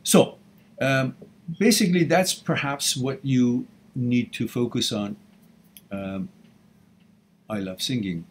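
A man's voice: medium pitch, takes it slowly, pauses often, slight background noise. A middle-aged man hosting a live question-and-answer session, telling his own story in an earnest, emphatic way. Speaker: host answering viewer questions. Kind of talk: live Q&A talk.

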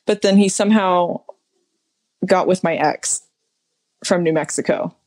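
A woman's voice: fairly low pitch, unhurried, a little mellow, no room sound. Young woman, laughing storyteller. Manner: laughs often, tells stories with many quoted asides. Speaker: podcast guest. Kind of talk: casual podcast conversation.

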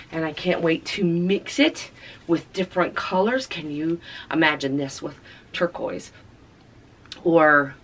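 A woman's voice: deep voice, a little hiss or hum. A woman, casually narrating her tie-dye session and gushing over the colors, sometimes dropping to a whisper. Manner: gushing, talks softly to the colors, drops into whispers. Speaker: craft vlogger reviewing tie-dye colors. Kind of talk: casual narration while working.

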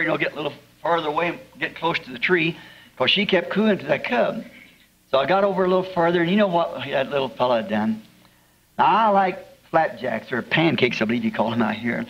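Southern man, preacher, folksy storytelling, slightly high voice, dull old tape sound. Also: fairly bright tone. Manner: homespun, chuckling, drawn-out storyteller. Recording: dull lo-fi archival sermon tape, long hall reverb, faint hiss.

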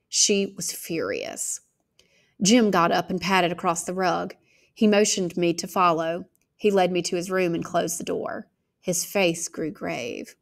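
A woman reading a novel aloud, expressive, shifting her pace and volume. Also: fairly low pitch, vocal fry. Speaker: audiobook reader.

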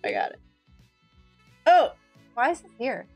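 A woman's voice: high voice, very animated, unhurried, a little mellow, breathy edge, lo-fi sound. A young woman streaming live, chatting casually and greeting viewers by name, bubbly and giggly. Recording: with faint music behind.

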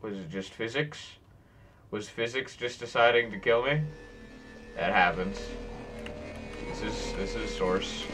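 A man's voice: on the low side, measured pace, long pauses, a bit bright, recorded from a distance, faint music behind. A man joking to himself and yelping now and then as he plays through a video game. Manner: joking, talks to himself while playing, sudden yelps. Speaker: gameplay streamer. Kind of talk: casual gameplay commentary.

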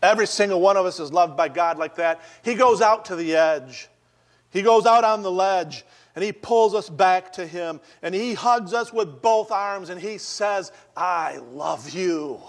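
A man preaching a sermon as pastor, telling a story earnestly and slowing down for emphasis. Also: high voice.

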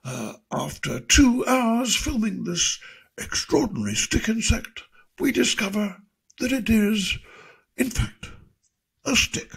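Guy putting on a hushed sibilant old nature narrator, husky, way up high. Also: big pitch swings, takes it slowly, heavily acted. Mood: hushed awe.

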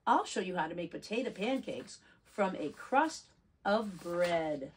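A woman's voice: on the low side, animated, measured pace, slight background noise. A woman voicing a cheerful, crafty male traveling peddler in a storybook reading, sly and agreeable.

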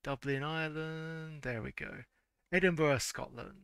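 A man's voice: on the high side, measured pace, creaky. A man, casually commenting on a retro game and reading its text aloud, stumbling and correcting himself with frequent laughs. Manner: stumbling over words, self-correcting, laughing. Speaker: let's-play host.

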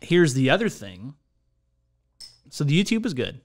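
A man co-hosting a casual podcast, joking with his friend and leaning on filler words as he goes. His pitch swings widely and lively, with an easygoing delivery. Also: a little slow. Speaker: podcast co-host. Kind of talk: casual banter.

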